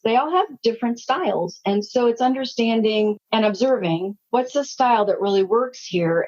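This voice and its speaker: A leadership consultant from the United States, a woman in her sixties with a voice on the high side, tells anecdotes during an interview. She is animated and acts out the quoted dialogue, and the audio is slightly muffled.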